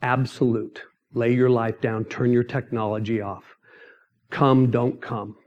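A middle-aged man telling his mission testimony as a sermon, emphatic and storytelling, breaking into sudden loud outbursts. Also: medium pitch, flat delivery, a little slow, dull audio.

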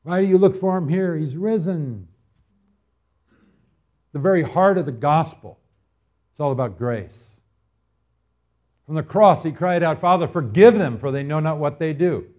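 A man from Arizona preaching a sermon as pastor, telling homespun stories and building to loud, emphatic appeals. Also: fairly high pitch, a little slow, pauses often.

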